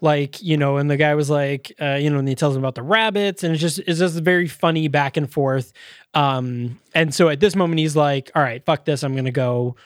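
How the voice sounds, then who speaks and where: A man's voice: on the high side, steady tone, fairly quick, no room sound, studio quality. A man co-hosting a podcast, casually reviewing a movie and animatedly retelling scenes while acting out the characters' lines. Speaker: podcast co-host.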